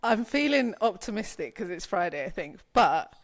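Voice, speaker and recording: A woman's voice: mid-range voice, very animated, normal speed. A young woman from the UK hosting a podcast in casual chat, rambling and saying "like" often as she tells stories. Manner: rambling, heavy use of "like", storytelling. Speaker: podcast host.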